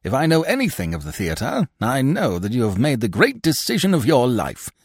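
A man's voice: mid-range voice, huge pitch swings, normal speed, slightly rough, no echo, studio quality, pitched above the performer's own voice, heavily acted. A man voicing a heavy, sly, leering middle-aged theatre manager who talks in a bluff, wheedling way. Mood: hearty.

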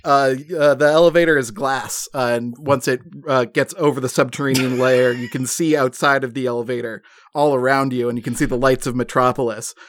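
A man's voice: medium pitch, steady tone, a little fast, hardly any pauses, no echo, clean studio sound. A man narrating as game master of a comedic tabletop game, with frequent laughs and filler words. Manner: laughing often, filler-heavy storytelling.

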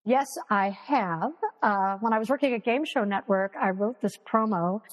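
A woman's voice: mid-range voice, moderate pace, big-room sound, highs cut off. A woman guest on a video call, telling stories animatedly, acting out what people said, and swearing freely. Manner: animated, acts out quoted voices, swears freely. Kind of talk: casual interview storytelling.

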